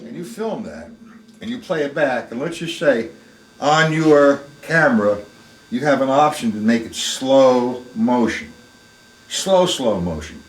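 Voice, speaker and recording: Man, drum teacher, emphatic and plain-spoken, mid-pitched voice, echoey room, distant mic. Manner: plain-spoken, emphatic, demonstrating strokes aloud. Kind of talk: live online drum lesson. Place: practice room.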